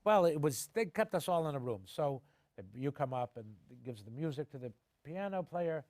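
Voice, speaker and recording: Middle-aged man telling lively anecdotes. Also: fairly high pitch, normal speed, dry recording. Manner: animated anecdotes, acting out quoted voices. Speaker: actor, interview guest. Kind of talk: conversational storytelling. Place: television studio.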